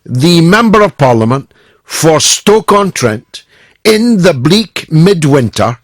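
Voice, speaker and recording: Scottish radio host guy, slow and punchy, pitch swings all over, dry close sound. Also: big pitch swings, no room sound. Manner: slow, emphatic oratory with dramatic pauses. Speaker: radio talk show host. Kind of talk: talk radio monologue and phone-in.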